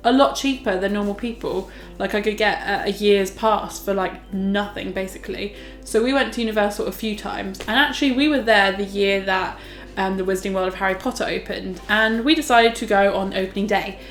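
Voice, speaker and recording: A woman's voice: medium pitch, fairly quick, reverberant, faint music behind. A young woman, telling stories casually as a vlogger, chatty and full of fillers. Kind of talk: casual storytelling.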